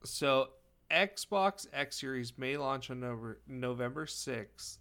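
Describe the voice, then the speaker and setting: A man co-hosting a casual podcast chat, talking in a relaxed, offhand way as he speculates about news. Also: mid-range voice, slow. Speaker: podcast co-host.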